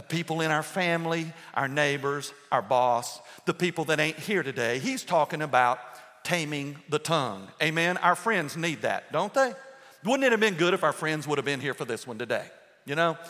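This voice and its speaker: A man's voice: on the high side, bright, forceful tone. A man pastor preaching a live sermon to his congregation in a church, folksy and joking as he talks to the crowd. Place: church sanctuary before a congregation. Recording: long reverb of a church hall.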